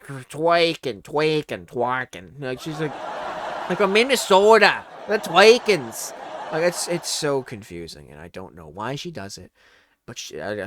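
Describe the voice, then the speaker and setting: A man's voice: mid-range voice, fairly bright tone, slight background noise. A man in his twenties doing a casual comedy monologue, laughing often and swearing.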